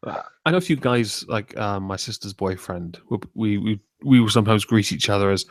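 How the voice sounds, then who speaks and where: A man's voice: fairly low pitch, a little fast, few pauses, no echo. A man hosting a casual stream chat, joking crudely and laughing often. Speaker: streamer host.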